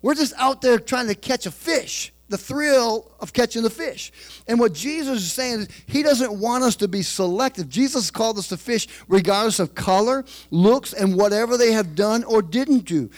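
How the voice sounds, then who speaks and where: A man with a high-pitched voice preaches a sermon. He calls out to the congregation for amens and moves between quiet, confiding asides and raised emphasis. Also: moderate pace. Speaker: pastor.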